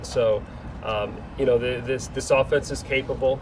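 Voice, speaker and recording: Male executive, monotone, hesitant press answers, clear background noise. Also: medium pitch, moderate pace. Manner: flat, careful, hesitant answers. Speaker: team executive at press session.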